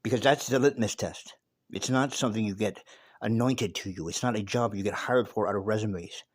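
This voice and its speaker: A man's voice: lowish voice, a little fast, no room sound, studio quality. A man giving a casual spoken monologue and telling a story, emphatic and profane, often repeating words as he goes.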